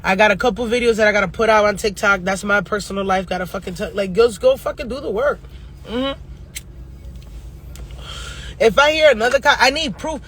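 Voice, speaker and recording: A woman astrologer delivers her reading as a casual rant, blunt and full of swearing. Her voice is bright and forward, and she keeps wandering off on tangents before pulling back to the forecast. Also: mid-range voice, a little hiss or hum. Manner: blunt, profane, fast-ranting with tangents. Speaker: astrologer and tarot reader.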